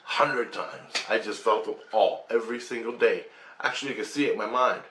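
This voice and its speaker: A man with a lowish voice tells his story with raw intensity, swearing and punctuating it with sound effects. He sounds roomy, with a faint hum of background noise. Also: fairly quick. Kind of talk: first-person recounting of a paranormal experience.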